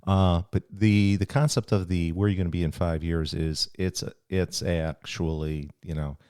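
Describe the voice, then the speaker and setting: A middle-aged man talks through a podcast episode in a loose, rambling way, circling back and restarting his sentences. His voice sits low, and the recording is dry and close with no room sound. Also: normal speed, clean tone, dry recording. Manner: relaxed, rambling, speaks with many restarts. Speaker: podcast host. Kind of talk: casual podcast chat.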